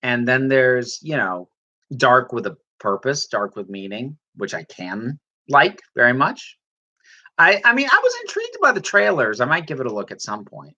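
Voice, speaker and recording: Trans woman host, chatty and rambling, lively bright voice, lo-fi stream sound. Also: very deep voice, moderate pace. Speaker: livestream host reading chat. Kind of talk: casual chat.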